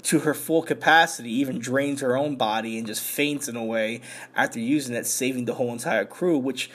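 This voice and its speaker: A man on a podcast, excitedly recapping an anime episode in slangy, profane casual talk with lots of filler words. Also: medium pitch, brisk. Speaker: podcast host.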